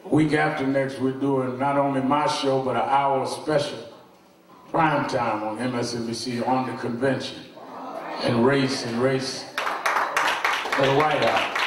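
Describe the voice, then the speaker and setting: A man leading a movement's Saturday rally, speaking to the room in a slow, drawn-out preaching cadence and urging people to join. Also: mid-range voice, distant mic. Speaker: leader of a civil rights organization. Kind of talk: rally speech and call to sing. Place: large hall or sanctuary with live music. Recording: roomy hall with loud music, voice heard from off mic.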